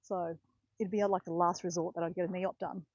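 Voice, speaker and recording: A woman's voice: on the low side, flat delivery, a little fast, a little mellow, no room sound, lo-fi sound. A woman of around fifty chatting casually while walking outdoors, rambling and correcting herself as she goes. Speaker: vlogger. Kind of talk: casual walking vlog chat. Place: outdoors in botanical gardens, walking.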